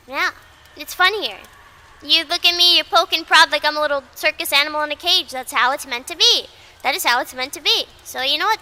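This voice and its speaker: A woman's voice: very high voice, bright, forceful tone. A woman VTuber in casual livestream chat who rambles, repeats herself, swears freely and mocks herself bluntly. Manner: blunt and self-mocking. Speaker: VTuber streamer.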